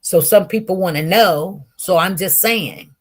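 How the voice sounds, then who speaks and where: A woman telling viewers a personal testimony with great intensity, swinging from loud outbursts to hushed murmurs and often repeating herself. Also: lowish voice, a little slow, breathy edge. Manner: repetitive, restarts. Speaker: online show host.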